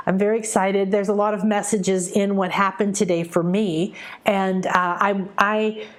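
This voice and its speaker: Animated woman hosting a spiritual livestream. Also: mid-range voice. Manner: animated, breaks into quick excited bursts and soft slow stretches. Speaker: spiritual teacher hosting a live session. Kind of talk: casual live-stream talk to viewers.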